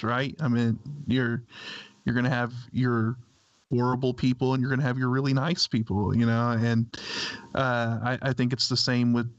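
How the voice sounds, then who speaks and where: A man's voice: mid-range voice, no echo. Hesitant man, slightly dull sound. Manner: measured, hesitant, reflective. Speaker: co-host. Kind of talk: casual chat.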